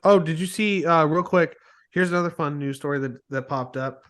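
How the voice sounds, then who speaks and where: A man's voice: fairly high pitch, a little fast, a bit bright. A man co-hosting a casual podcast chat, joking around and steering the topics. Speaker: podcast co-host.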